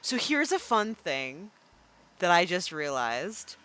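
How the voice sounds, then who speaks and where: A young woman streaming a game, chatting playfully and thinking out loud with plenty of fillers. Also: on the low side, big pitch swings, slow. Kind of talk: casual live-stream game commentary.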